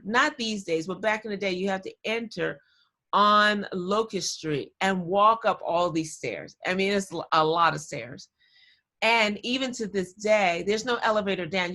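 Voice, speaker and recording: A woman giving a talk to students over a video call, telling a personal story in an animated, chatty way and often getting sidetracked. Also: mid-range voice. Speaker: guest speaker.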